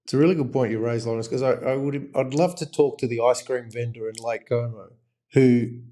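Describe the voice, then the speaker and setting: Reflective man, steady voice. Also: medium pitch, fairly quick. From Australia. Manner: reflective, shares advice in long flowing thoughts. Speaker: podcast co-host. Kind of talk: casual chat.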